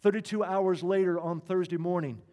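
Earnest pastor preaching in a reverberant hall. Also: male voice, high-pitched, steady tone, dull audio. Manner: earnest, slowing down for emphasis. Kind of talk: sermon storytelling.

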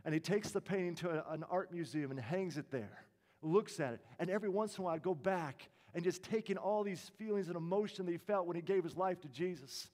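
Man preaching a hushed, dramatic sermon story. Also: high-pitched, a little fast. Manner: dramatic storytelling, dropping to a hush at emotional peaks.

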